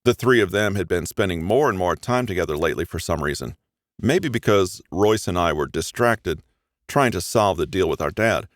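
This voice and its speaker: A man narrating a first-person romance audiobook in an expressive, even storytelling manner. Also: low-pitched, normal speed, no echo.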